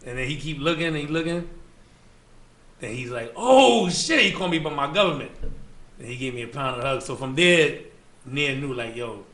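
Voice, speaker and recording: A man's voice: medium pitch, a little fast, long pauses, pushed and bright. A man from the Bronx with a New York accent, a guest telling loose, slangy stories with many fillers. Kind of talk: casual storytelling interview. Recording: echoey room with faint ambient noise.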